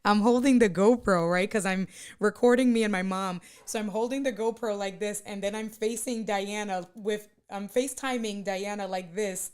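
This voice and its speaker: A woman streamer chatting live with her viewers, animated and teasing as she answers their comments. Her pitch sits in a middling range, and the recording is close and dry. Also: normal speed, clean tone, no echo. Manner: animated, joking with chat, reads out comments. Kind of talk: casual live-stream chat.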